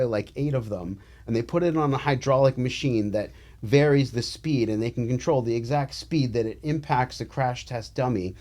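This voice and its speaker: Sardonic male attorney co-host, casual and halting. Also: medium pitch, dark tone. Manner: joking, sardonic, many fillers and restarts. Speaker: podcast co-host, trial attorney. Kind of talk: casual legal chat.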